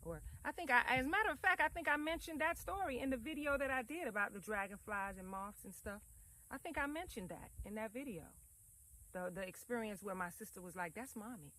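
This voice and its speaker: Bright-voiced woman talking casually to viewers. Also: fairly high pitch, expressive, brisk, rough recording. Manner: loose, rambling, addresses viewers as fam. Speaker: vlogger. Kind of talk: casual reflective talk to camera. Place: at home.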